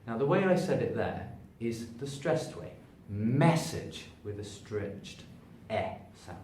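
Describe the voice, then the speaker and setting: Unhurried, a man coaches English pronunciation straight to camera, elongating and stressing words to make each point, with animated shifts in pitch. The camera sits at a distance as he moves nearer and farther from it in front of a sign, so the echoey room gives a distant voice and a little background noise.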